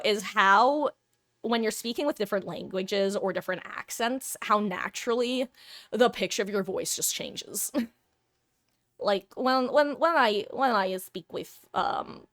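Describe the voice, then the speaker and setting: A woman's voice: mid-range voice, dry recording. A woman chatting casually on a live stream, her mid-range voice close and dry. She rambles and restarts, laughing often at her own attempts. Her tone stays self-deprecating. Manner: frequent restarts and filler words.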